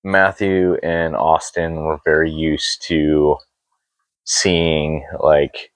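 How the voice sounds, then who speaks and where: Very deep-voiced candid man, dry sound. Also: little pitch movement, drawn-out words, no echo, poor audio. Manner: candid, rambling, swears freely. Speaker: podcast co-host. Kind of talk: unscripted couple's conversation.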